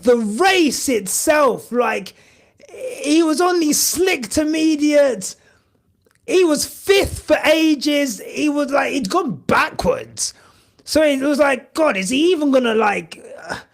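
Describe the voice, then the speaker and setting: A young man hosting a live stream, chatting casually and emotionally in a rambling way with lots of fillers. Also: very high voice. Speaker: podcast host streaming live.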